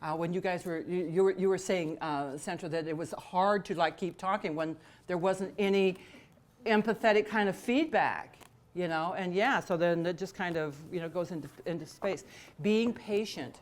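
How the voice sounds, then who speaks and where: A female workshop trainer with a lowish voice leads an interactive session at a moderate pace. She talks conversationally, full of fillers and restarts, laughing and joking with the attendees.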